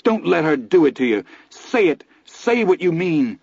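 A man's voice: medium pitch, very animated, moderate pace, darkish tone, husky, dry recording, muffled recording. A man narrator voicing a furious, weeping young man defying his family, his voice strained, raised and near breaking. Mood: anguished shouting.

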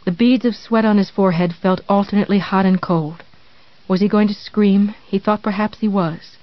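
An audiobook narrator reads a novel in a measured, even storytelling voice. The sound is dry and close, with a slightly dull recording. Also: medium pitch, no echo. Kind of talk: scripted narration.

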